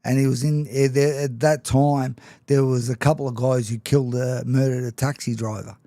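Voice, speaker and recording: A man's voice: mid-range voice, fairly even intonation, normal speed, mellow, no echo. Dry-voiced man telling stories. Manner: frequent restarts, laughs between remarks. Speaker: guest. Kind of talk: candid storytelling in conversation.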